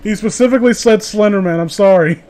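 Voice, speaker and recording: A man's voice: high voice, fast talker, a little mellow. A young man reading fan fiction aloud with sarcastic, swearing comedic commentary. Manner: sarcastic, swears, laughs, mock voices for quotes.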